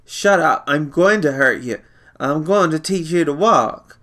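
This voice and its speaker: A man's voice: fairly high pitch, sing-song, a little slow, fairly bright tone, voice pushed up, heavily acted. A man voicing a bossy, impatient older brother in a read-aloud story. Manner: bossy, demanding.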